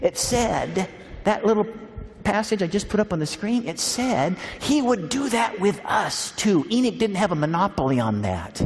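A man's voice: high-pitched, sing-song, moderate pace. A man preaching a sermon, telling funny stories in a folksy, easygoing way. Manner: folksy, humorous storytelling. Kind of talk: storytelling sermon. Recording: long hall reverb.

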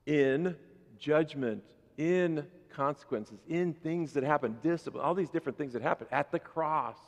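A male pastor preaching a sermon, moving between calm teaching and loud emphatic bursts. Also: medium pitch, gravelly. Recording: reverberant church hall.

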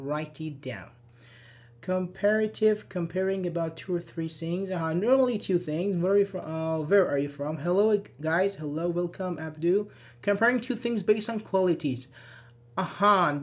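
Man teaching a live grammar class. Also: fairly high pitch. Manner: explains step by step, answers viewers' chat questions; repeats examples and checks understanding. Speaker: English teacher. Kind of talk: live online grammar lesson.

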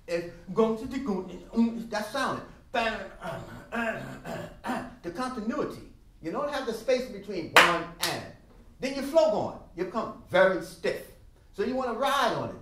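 An older man teaching a music masterclass, animated and emphatic, singing out rhythms with drum sounds in a classroom. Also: high voice, normal speed. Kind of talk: masterclass lecture. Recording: roomy sound from a distant mic.

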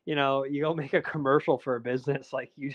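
A man of medium pitch and fairly even intonation talks quickly as a guest in a casual interview. He's a documentary filmmaker who wanders through his points with lots of fillers and restarts, captured in lo-fi audio with no room sound.

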